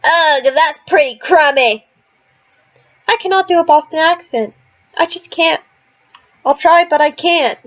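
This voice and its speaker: A woman's voice: high voice, measured pace, pauses often, fairly bright tone, dull audio. A woman hosting a let's play, reading game dialogue aloud with self-deprecating asides.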